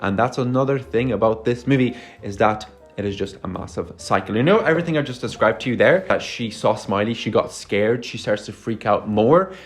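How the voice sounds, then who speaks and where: A man's voice: fairly low pitch, brisk, hardly any pauses, faint music behind. A man giving a casual movie review, sarcastic and exasperated, swearing often. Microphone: phone.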